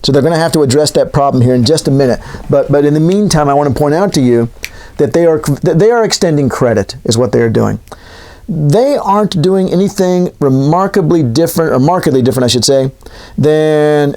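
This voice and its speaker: A man's voice: fairly high pitch, darkish tone. A man teaching in a casual, joking lecture style, wandering into asides. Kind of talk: classroom lecture.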